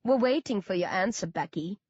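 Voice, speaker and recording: A woman's voice: mid-range voice, expressive, a little fast, darkish tone, breathy edge, no echo, highs cut off. A woman doing a bored cruel rich man. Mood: cold. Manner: languid, sneering.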